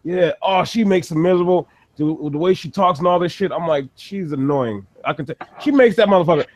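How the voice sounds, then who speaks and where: A man's voice: on the high side, fairly quick, a little mellow. A man from the United States who co-hosts a podcast, ranting profanely in casual chat and laughing often. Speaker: podcast co-host.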